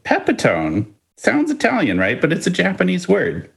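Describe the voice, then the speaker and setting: A man co-hosting a podcast, chatting casually and telling stories in a playful, lively way with chuckles. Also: sits high, normal speed, creaky. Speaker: podcast co-host.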